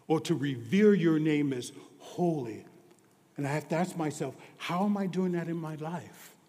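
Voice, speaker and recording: Slow-preaching man in a reverberant hall. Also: fairly high pitch. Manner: slow, dropping to hushed near-whispers on key lines; rising to loud emphatic declarations. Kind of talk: sermon.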